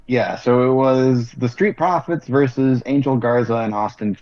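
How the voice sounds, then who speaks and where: A man co-hosting a casual wrestling podcast, recapping matches in a measured way from his notes. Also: mid-range voice, darkish tone, highs cut off. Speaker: podcast co-host.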